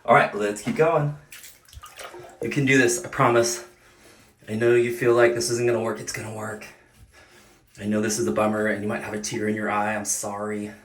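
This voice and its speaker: A middle-aged man hosts a home repair video in a bathroom, coaching the viewer through a how-to with reassurance and jokes while slightly out of breath from the work. His lowish voice stays level at a normal speed, broken by long pauses. He's far from the mic, and the bathroom echoes.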